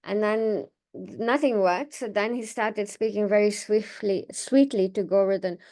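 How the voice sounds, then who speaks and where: A woman's voice: medium pitch, measured pace, a little mellow. Woman casually retelling a sacred story. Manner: conversational, with fillers and restarts. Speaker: class speaker. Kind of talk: retelling scripture stories in a reading class.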